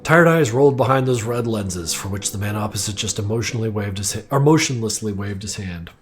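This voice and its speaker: A man's voice: lowish voice, fairly quick. A man streaming live, reading a first-person story aloud dramatically, now and then stumbling and correcting himself. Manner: reads aloud with occasional slips and self-corrections.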